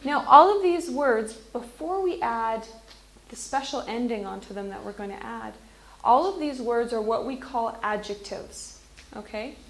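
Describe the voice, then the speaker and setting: A woman teaching an English lesson to a class, speaking slowly and clearly. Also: fairly high pitch, expressive. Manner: slow, clear, encouraging teacher talk. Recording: echoey classroom with faint noise.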